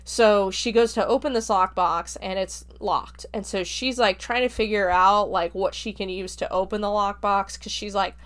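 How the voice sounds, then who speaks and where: A woman hosting a podcast walks through a book's plot in a relaxed, rambling way and leans on fillers as she goes. Her voice sits in an ordinary middle pitch for a woman. She sounds like she is chatting rather than reading from a script. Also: normal speed, few pauses. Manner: chatty, filler-heavy retelling. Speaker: podcast host reviewing a book. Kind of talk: casual spoken plot summary.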